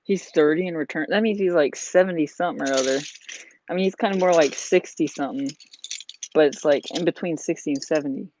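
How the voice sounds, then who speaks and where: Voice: mid-range voice, a little fast, a little mellow, slight background noise. A vlogger chatting casually while building a model, rambling with lots of "like" and "you know.". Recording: dull lo-fi sound.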